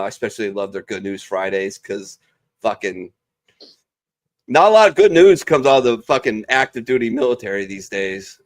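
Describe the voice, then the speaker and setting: A man hosting a casual chat among veterans, loose, joking and heavy on profanity. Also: lowish voice. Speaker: show host.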